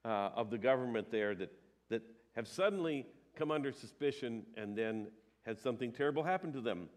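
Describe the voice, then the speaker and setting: A man's voice: medium pitch, lively intonation, brisk. A male pastor giving a sermon. He talks in a conversational way, with emphatic rises and some hesitations.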